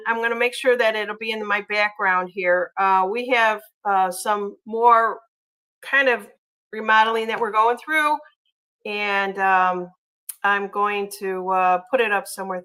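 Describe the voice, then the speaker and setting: A woman hosting a casual livestream, chatty and gushing, often pausing on ums and uhs as she reads viewer comments. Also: mid-range voice, fairly even intonation, pushed and bright, smooth, rough recording. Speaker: livestream host.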